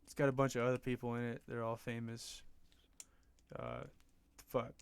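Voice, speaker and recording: A man's voice: medium pitch, moderate pace, vocal fry, smooth, no echo. A young man co-hosting a podcast in casual chat, blunt and dismissive, swearing freely. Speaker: podcast co-host.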